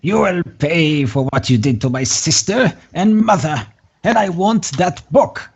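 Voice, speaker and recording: A vengeful old hag in a tabletop game speaks with menace, pitched high and thin, a man putting her on. The sound is dull and lo-fi. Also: lively intonation, a little slow, gravelly, slightly rough, exaggerated voice. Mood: menacing. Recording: dull lo-fi audio.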